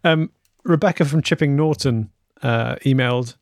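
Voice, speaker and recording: A man's voice: mid-range voice, moderate pace, darkish tone, dry recording. A man from England co-hosting a comedy podcast, reading listener emails aloud with dry amusement. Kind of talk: casual chat.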